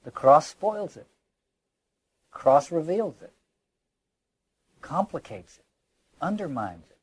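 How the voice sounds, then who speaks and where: A man's voice: fairly high pitch, sing-song, slow, slightly rough, no echo. A man lecturing on literature, reflective, often restarting words as he searches for phrasing and reading quoted lines aloud with emphasis.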